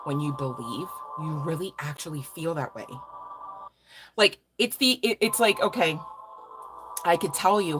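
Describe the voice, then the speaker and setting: A woman's voice: low-pitched, measured pace, long pauses, music in the background, low-quality recording. A woman giving a casual live tarot reading, rambling and swearing freely with laughing asides. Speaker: tarot reader.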